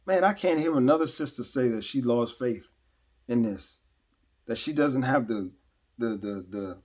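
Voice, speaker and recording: A man's voice: mid-range voice, lively intonation, unhurried, darkish tone. Emphatic man giving earnest commentary. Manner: earnest and emphatic, stresses key words with repeated restarts. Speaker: podcast host. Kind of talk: unscripted commentary monologue.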